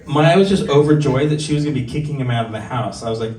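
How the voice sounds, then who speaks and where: Speaking fast with few pauses, this forties-aged comedian from Southern California delivers a self-deprecating, candid storytelling set at a bar open mic. His mid-range voice stays steady and leans darkish. The mic sits far off in an echoey room with faint ambience.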